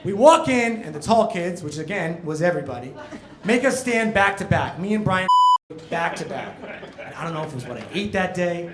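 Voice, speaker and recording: A man around forty from New Jersey doing a stand-up comedy set on a club stage, an animated storyteller who leaps to loud punchlines. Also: high voice, fairly quick, a crowd in the background. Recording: roomy club sound with noise.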